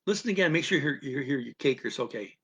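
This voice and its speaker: A medium-pitched, slightly rough male voice with lively intonation comes through a muffled recording. He's a language teacher on a live stream, patiently walking through a listening lesson at a slow pace, repeating instructions and checking in with "okay?" constantly.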